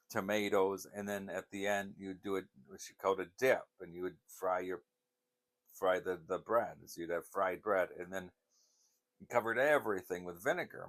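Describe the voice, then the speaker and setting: A man's voice: sits low, fairly even intonation, moderate pace, fairly bright tone. An older man vlogging in a casual, rambling chat, wandering from one story to the next.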